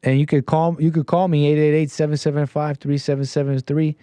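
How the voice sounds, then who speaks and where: A man hosting a talk show, giving sarcastic, mocking commentary on a clip with animated asides. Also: fairly high pitch, a little fast, clear, resonant tone, no room sound. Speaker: show host.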